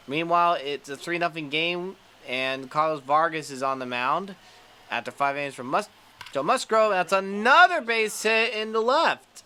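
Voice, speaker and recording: A gaming creator giving excitable play-by-play commentary over a baseball video game, cheering at the big plays. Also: mid-range voice, moderate pace, smooth.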